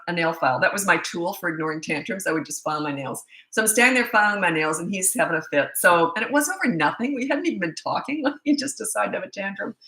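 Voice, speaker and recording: A middle-aged woman gives parenting advice in a blunt, animated way, acting out the people in her stories. Her voice is bright and forceful. The echo of a roomy space hangs around it. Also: on the low side. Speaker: parenting coach. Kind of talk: casual storytelling advice talk.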